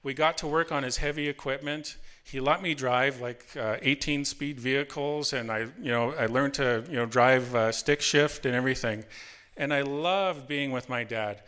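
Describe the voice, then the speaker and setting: A middle-aged man from Canada with a bright, clear voice telling a personal story from his youth. He rambles along, restarting sentences and leaning on filler phrases as he goes. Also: mid-range voice, moderate pace. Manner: rambling, with many restarts and 'you know'.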